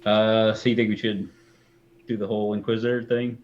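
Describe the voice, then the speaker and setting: A man's voice: on the low side, little pitch movement, a little fast, darkish tone, muffled recording, slight background noise. A man playing a tabletop game, easygoing and laughing often. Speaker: player.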